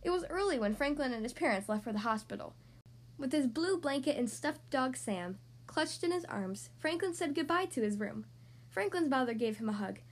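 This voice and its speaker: High-voiced woman reading a children's story. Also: moderate pace. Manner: gentle, expressive. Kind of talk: children's storybook read-aloud.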